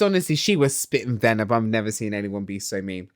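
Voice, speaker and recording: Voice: medium pitch, lively intonation, normal speed, a bit bright, dry recording, clean studio sound. A vlogger ranting casually and sarcastically through a reality TV recap, opinionated and swearing.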